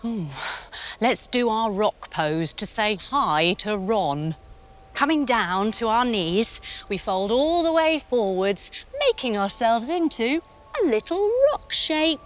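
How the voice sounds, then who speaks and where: A woman's voice: a little high, very animated, takes it slowly, fairly bright tone. A woman in her thirties leading a children's yoga story, playful and sing-song, with gasps and sound effects. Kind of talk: storytelling yoga lesson for kids.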